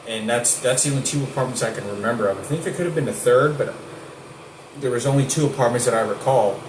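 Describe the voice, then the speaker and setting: A man telling a long personal story to camera in a rambling, insistent way, often restarting his sentences. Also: mid-range voice. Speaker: vlogger. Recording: echoey room with air conditioning hum.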